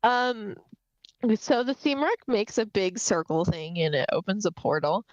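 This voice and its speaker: A woman co-hosting a casual book discussion livestream, chatty and quick to laugh, swearing casually as she recaps. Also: medium pitch, expressive, no echo, dull audio. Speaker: podcast co-host.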